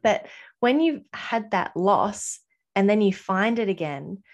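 A woman's voice: medium pitch, lively intonation, slow. A woman talking earnestly in a podcast conversation, reflective and personal, voicing her past inner thoughts as quotes.

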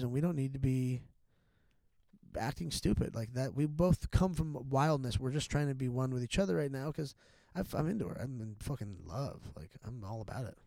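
A man's voice: a little high, creaky, darkish tone, no echo. A middle-aged man talking as a podcast guest in a candid, casual chat, rambling and profane, with many restarts and fillers.

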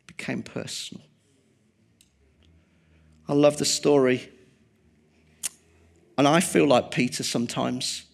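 A man preaching a sermon, swinging from loud emphasis to hushed, quiet tones. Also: medium pitch, steady tone, unhurried, creaky, pauses often.

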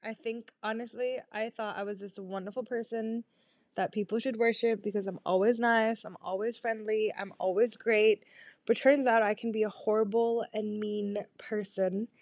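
A woman's voice: mid-range voice, fairly even intonation, normal speed, vocal fry, darkish tone, no echo, clean studio sound. A young woman hosting her own podcast, recorded in her bedroom on a small microphone, rambling in a casual, self-deprecating way, with fillers and swearing. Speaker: podcast host. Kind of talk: casual confessional chat. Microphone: small home microphone.

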